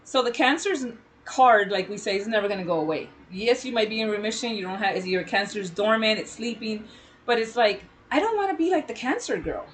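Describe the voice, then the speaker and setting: A woman's voice: fairly high pitch, animated, fairly quick, low-quality recording. A woman co-hosting a casual chat, telling her own story with feeling and animation. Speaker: podcast co-host.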